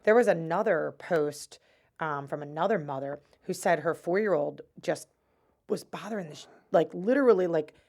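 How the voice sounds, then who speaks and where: A woman's voice: deep voice, moderate pace, darkish tone. Chatty woman co-hosting a podcast. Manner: chatty, laughing, quotes people in voices. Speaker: podcast co-host. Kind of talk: casual chat.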